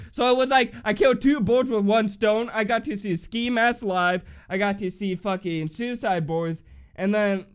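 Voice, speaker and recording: Profane, rambling young man with a smooth voice. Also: high-pitched. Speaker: vlogger. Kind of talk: casual storytelling.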